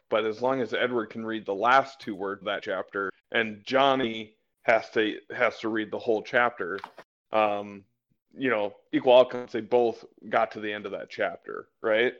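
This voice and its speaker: A man co-hosting a casual political chat show, talking in a rambling way full of fillers and restarts. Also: mid-range voice. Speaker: podcast co-host. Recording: slightly dull lo-fi audio.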